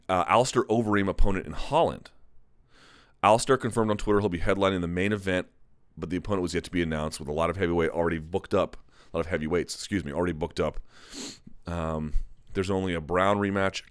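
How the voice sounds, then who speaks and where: A man's voice: low voice, clear, resonant tone, no room sound. A man hosting a live chat, talking candidly in a rambling, self-correcting way. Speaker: MMA live chat host. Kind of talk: casual live-stream commentary.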